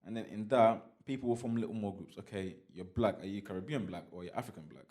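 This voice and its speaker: Animated man chatting as podcast host. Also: fairly low pitch, fast talker. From Nigeria (Igbo heritage). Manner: animated, explains by examples, repeats "you get what I'm saying". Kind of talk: casual conversation.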